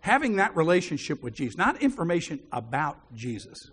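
Husky, animated male preacher. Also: fairly high pitch, a little fast. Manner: chuckles often while telling stories. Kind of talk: sermon storytelling.

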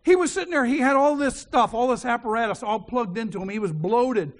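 A man preaching a sermon, telling a story and acting out the voices in it, dropping to a hushed voice when he quotes a prayer. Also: very high-pitched, brisk. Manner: animated storyteller who acts out the dialogue.

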